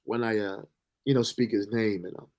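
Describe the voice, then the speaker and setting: A man telling a personal story, emotional and halting, with pauses and restarts. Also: on the low side, fairly even intonation, darkish tone. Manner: halting, full of fillers and restarts. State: emotional, near tears.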